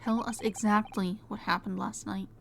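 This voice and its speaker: A woman's voice: mid-range voice, flat delivery, vocal fry, noisy background, close to an everyday voice. A woman voicing a pompous, theatrical male detective who lectures grandly while reading game dialogue aloud. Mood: lecturing. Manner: grandiose, lecturing, dramatic pauses.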